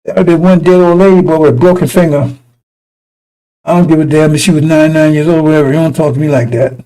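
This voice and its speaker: A man's voice: a little high, fairly even intonation, fast talker, mellow, low-quality recording. A middle-aged man preaching informally to his congregation, blunt and profane, rambling through personal stories with many restarts.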